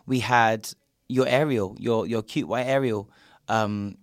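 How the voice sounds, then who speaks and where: A man's voice: on the low side, steady tone, takes it slowly, no room sound, clean studio sound. A young man ranting sarcastically and swearing freely while hosting a casual podcast chat. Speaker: podcast host.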